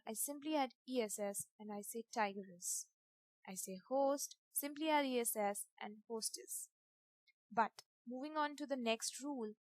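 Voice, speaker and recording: A woman walks through a grammar lesson over slides, spelling out letters and repeating each example slowly. Her voice sits somewhat high. The recording is close and dry, with no room sound. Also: no echo. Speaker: grammar teacher.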